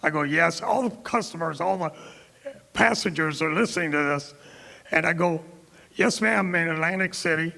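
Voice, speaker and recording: A man's voice: on the high side, normal speed, gravelly, sharp tone. A middle-aged man from Florida giving a keynote speech, telling anecdotes and acting out the dialogue of the people in them. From Tampa, Florida. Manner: anecdotal, quotes others in dialogue. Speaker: keynote speaker. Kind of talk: storytelling speech. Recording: reverberant hall.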